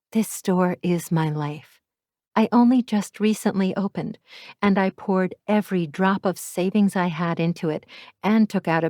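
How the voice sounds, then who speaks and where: A woman's voice: lowish voice, a little mellow, dry recording, clean studio sound. Wry woman narrating an audiobook. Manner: wry, candid, self-deprecating. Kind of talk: first-person audiobook narration.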